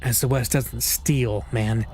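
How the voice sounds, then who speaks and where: A man voicing a hot-tempered young male gang leader in a game read-through, snarling and yelling threats. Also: mid-range voice, steady tone, takes it slowly, a little hiss or hum, natural voice. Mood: stern.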